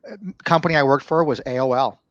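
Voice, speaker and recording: Relaxed man guest on a dull line. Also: medium pitch, fast talker, dry recording. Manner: relaxed, hesitant with fillers. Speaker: podcast guest, booking agent. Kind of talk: casual interview. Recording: dull dry sound.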